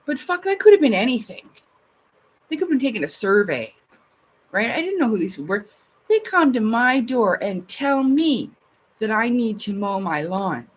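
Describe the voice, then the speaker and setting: A woman's voice: on the high side, very animated, normal speed, husky. A woman, chatting casually to her livestream viewers in a blunt, profane way. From Canada. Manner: blunt and profane, with frequent laughs. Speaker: streamer.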